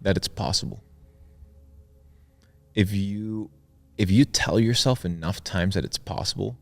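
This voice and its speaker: A young man gives motivational talk as an interview guest, preachy and emphatic, repeating his points for effect. His voice sits low and creaky, and he takes his time.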